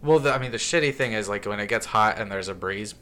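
A man's voice: fairly low pitch, fast talker, sharp tone. A young man chatting casually with friends, easygoing and asking questions. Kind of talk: casual chat among friends.

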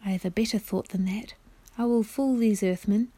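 A woman's voice: a little high, unhurried, dry recording. An enchanted knight prince played by a woman carries the scene with formal, old-fashioned royal speech. He sounds proud and commanding in a storybook reading. The sound is dry and close. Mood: urgent.

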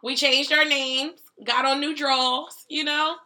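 A woman's voice: sits high, little pitch movement, slow pace, bright, forceful tone. A woman co-hosting a casual podcast, teasing her friends and laughing often. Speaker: podcast co-host. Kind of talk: casual chat.

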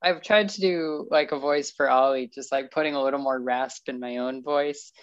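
A woman's voice: extremely low pitch, fairly even intonation, normal speed, muffled recording. A woman co-hosting a casual chat, hesitant and full of fillers and restarts. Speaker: podcast co-host.

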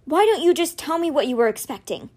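A woman reading aloud, voicing an angry, commanding teenage boy mage who shouts his demands. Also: high-pitched, expressive, fast talker, pitched above the performer's own voice.

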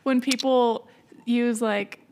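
A woman's voice: a little high, fairly even intonation, slow pace, a little mellow. A young woman co-hosting a podcast, giggling and saying "like" often in casual chat. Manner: giggly, lots of filler "like". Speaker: podcast co-host.

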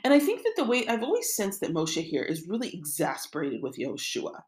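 A woman teaches scripture in a relaxed, talk-it-through way. Her voice sits fairly low, yet her pitch rises and falls a great deal. She works through ideas aloud and keeps adding "right?". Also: a little fast. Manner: conversational, thinks aloud with frequent "right?" asides. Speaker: Torah teacher. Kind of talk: casual spoken Bible lesson.

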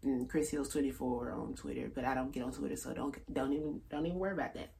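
A man in his thirties, a stand-up comedian chatting on a podcast, laid-back and halting, laughing often. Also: medium pitch, fairly even intonation, creaky, a little mellow, slight background noise. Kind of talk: casual podcast chat.

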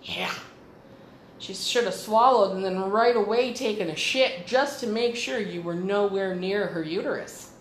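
A woman's voice: mid-range voice, measured pace, reverberant, a little hiss or hum, rough recording. A woman hosting a podcast, telling a story in a blunt, profane and sarcastic way. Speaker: podcast host. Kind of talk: casual storytelling monologue.

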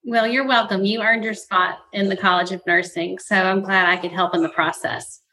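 A woman from Alabama, a guest on a podcast, answers in a composed, measured way. Her voice is strikingly bright and forward. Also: mid-range voice, steady tone, a little hiss or hum, rough recording. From Mobile, Alabama. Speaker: podcast guest, university staff. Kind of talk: interview answers.

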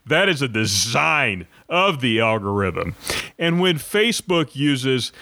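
A man's voice: on the high side, big pitch swings, normal speed, pushed and bright, dry recording. A man hosting a political commentary show, delivering an indignant monologue and repeating points for emphasis.

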